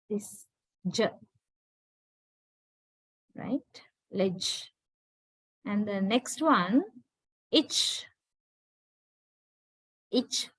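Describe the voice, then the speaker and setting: A woman teaching a class, slowly and deliberately repeating words to drill pronunciation. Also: on the high side, no echo, poor audio. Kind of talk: classroom lecture.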